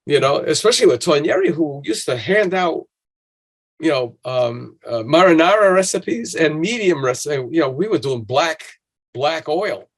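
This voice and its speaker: Man telling animated stories. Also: a little high, moderate pace. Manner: animated, acts out quoted voices, many restarts. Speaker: podcast conversation partner. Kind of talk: casual conversational storytelling.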